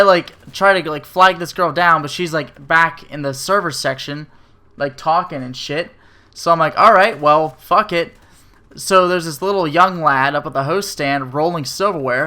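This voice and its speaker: A man's voice: a little high, pushed and bright. A man telling a profane, sarcastic rant about bad service in a casual way. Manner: profane, sarcastic, filler-heavy. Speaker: restaurant server telling a story.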